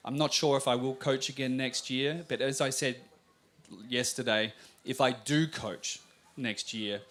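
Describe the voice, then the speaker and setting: A middle-aged Australian man being interviewed on a live talk show. He talks quickly and tells lively anecdotes in a mid-pitched voice, the kind of habitual fast talker who has to slow himself down. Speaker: tennis coach, guest.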